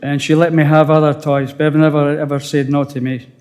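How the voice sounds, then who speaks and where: An older man with a Scottish accent, a widower giving a halting, emotional funeral eulogy with touches of dry humour. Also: a little high, level tone, a little mellow, big-room sound. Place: funeral service.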